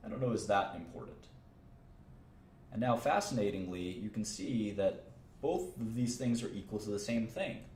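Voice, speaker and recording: Low-voiced guy teaching chemistry off the cuff, repeats stuff, echoey room. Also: darkish tone, slight background noise. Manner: thinks aloud, repeats phrases, casual asides. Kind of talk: informal livestream lecture.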